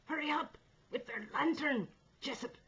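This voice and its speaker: A woman voicing a male sailor shouting urgently as he climbs the rigging. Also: sits high, normal speed, lo-fi sound, pitched above the performer's own voice. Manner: shouting, gasping.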